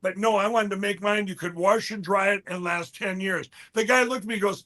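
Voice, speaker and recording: Man, high voice, bright tone, rambling sales pitch, halting restarts. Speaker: guest, company founder. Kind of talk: sales pitch in casual chat.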